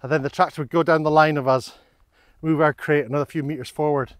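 A fairly high-voiced man talking his way through a country walk, rambling and self-deprecating as he goes. He sounds a little out of breath on the inclines, speaking into a camera mic outdoors, and the sound is dry and close. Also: fairly even intonation, fast talker, no room sound. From Scotland. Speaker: vlogger on a countryside hike. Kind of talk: casual walking vlog narration. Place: outdoors in open countryside, fields and hills.

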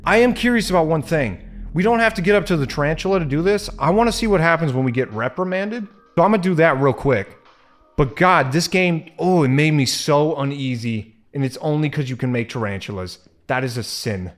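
A man's voice: fairly high pitch, expressive, brisk. A young man giving casual let's-play commentary, squeamish and jumpy, groaning and swearing as he plays. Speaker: gaming video creator.

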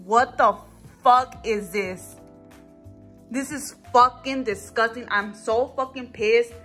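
A woman in her late twenties talking casually to her viewers as a vlogger, chatty and excitable, swearing often. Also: fairly high pitch, slow, soft background music. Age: late 20s. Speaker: vlogger, boutique owner. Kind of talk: casual vlog chat.

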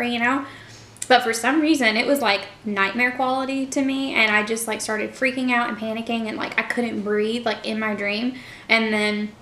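A woman's voice: on the high side, fairly bright tone, reverberant. A young woman chatting casually to her viewers in a mukbang vlog, full of fillers like "like" and "you know". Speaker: vlogger. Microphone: camera mic.

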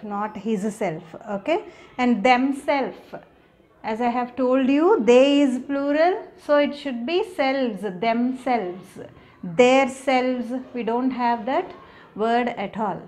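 A woman's voice: fairly high pitch, slow pace. A woman teaching a grammar lesson, explaining patiently step by step and often checking in with her students. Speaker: English teacher.

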